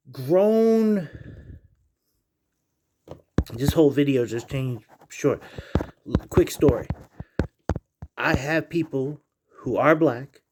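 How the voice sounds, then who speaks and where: A man's voice: medium pitch, slight background noise. A middle-aged man vlogging in a casual, rambling monologue, profane and heated as he digresses.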